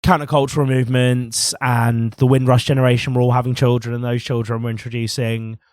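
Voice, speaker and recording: English bloke on a podcast, blunt and sweary, dry close mic. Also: male voice, medium pitch, little pitch movement, brisk, darkish tone, no room sound. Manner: opinionated, swears freely. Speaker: podcast co-host. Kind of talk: casual chat.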